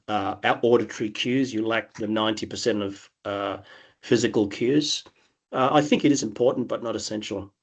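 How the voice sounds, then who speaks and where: An Australian man with a nasal tone, answering interview questions thoughtfully with frequent restarts. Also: fairly low pitch. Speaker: interview guest. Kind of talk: conversational interview.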